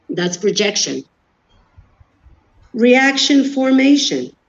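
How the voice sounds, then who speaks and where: A woman's voice: high voice, animated, measured pace, long pauses. A woman giving an earnest explanatory talk, walking through everyday examples without judging anyone. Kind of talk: explanatory talk on defense mechanisms. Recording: dull lo-fi recording.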